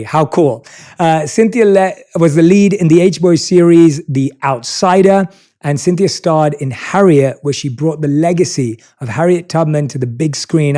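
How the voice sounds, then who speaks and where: A man with a North London accent hosting an interview, chatty and enthusiastic, introducing his guest and trading quick asides. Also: a little high, mellow. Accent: North London English. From England. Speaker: podcast host. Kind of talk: warm conversational interview.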